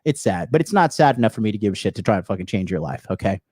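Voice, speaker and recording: Rapid-fire and fairly low, this man's voice is darkish with a breathy edge and lively intonation. Livestreaming off the cuff, he swears constantly as he hands out blunt dating advice, addresses his viewers as bros, and reads chat aloud to respond to it. The recording is dry and of studio quality.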